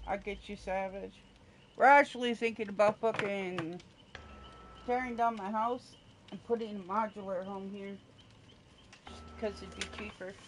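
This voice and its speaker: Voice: medium pitch, steady tone, measured pace, pauses often, background noise. Laid-back gamer friend, casual swearing. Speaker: gaming friend. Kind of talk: casual gaming chat.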